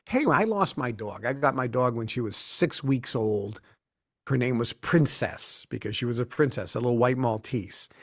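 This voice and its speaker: A man in his sixties, guesting on an interview in a studio, spins long anecdotes and acts out the quoted dialogue. His voice sits at a medium pitch, animated and at a normal pace, with no echo in the recording.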